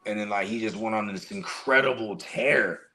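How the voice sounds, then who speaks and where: A man's voice: fairly low pitch, normal speed, pushed and bright, low-quality recording. A man co-hosting a live sports watch party, telling loose, profane, joking stories in casual banter. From California.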